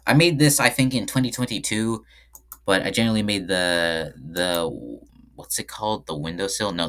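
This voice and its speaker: A man's voice: lowish voice, a bit bright. A man giving casual screen-share commentary on his own game, rambling and often correcting himself mid-sentence. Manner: rambling, frequent self-corrections. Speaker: game developer.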